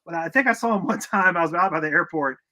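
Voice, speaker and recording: A man co-hosting a soccer fan show, chatting casually in an excitable, rambling way. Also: fairly high pitch, fast. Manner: excitable, rambling, laughs while talking. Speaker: fan channel co-host. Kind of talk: casual podcast chat.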